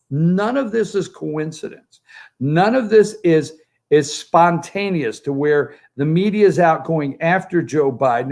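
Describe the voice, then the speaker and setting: A man with a gravel-edged, slightly higher voice delivers opinionated political talk. He has a joking, sarcastic manner. He speaks remotely from a poolside spot. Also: a little mellow. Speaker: political commentator. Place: outdoors by a pool, remote from the studio.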